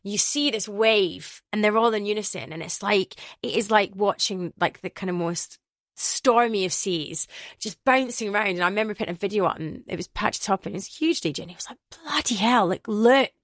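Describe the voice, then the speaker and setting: Scottish woman DJ, chatty and animated, dry close recording. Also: medium pitch, fairly quick, no echo. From Glasgow, Scotland. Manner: animated storyteller who acts out quoted voices. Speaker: DJ guest. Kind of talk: casual interview chat.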